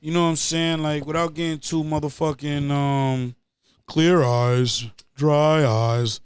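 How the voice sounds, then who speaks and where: A man's voice: on the high side, steady tone, unhurried, clear, resonant tone, no room sound. Slangy male rapper, dry close sound. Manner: slangy, laughing asides. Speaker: rapper guest. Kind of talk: casual interview chat.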